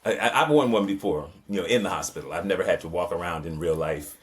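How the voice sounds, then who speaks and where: A man's voice: deep voice, fast. A man co-hosting a podcast, chatting in a laid-back, humorous and reassuring way. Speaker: podcast co-host. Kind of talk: casual chat.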